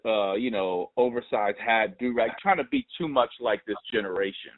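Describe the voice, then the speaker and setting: A man's voice: on the low side, expressive, moderate pace. A man hosting a podcast, chatting with enthusiasm and asking follow-up questions. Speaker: podcast host. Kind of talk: casual interview chat. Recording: tinny phone-like audio.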